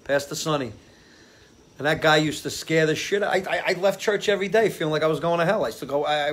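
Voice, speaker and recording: A man's voice: fairly high pitch, quick pace, a bit bright. Chatty man rambling on his porch. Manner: rambling storyteller, chatty, loses his train of thought. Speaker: live-stream show host. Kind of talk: casual live-stream chat. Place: outdoors on a porch under a ceiling fan.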